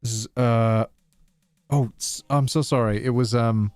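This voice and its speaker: A man's voice: medium pitch, steady tone, a little slow, darkish tone, clear, resonant tone, dry recording, clean studio sound, soft background music. A man in his thirties hosting a live stream, playful and self-deprecating, fumbling over names and joking with chat. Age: 30s.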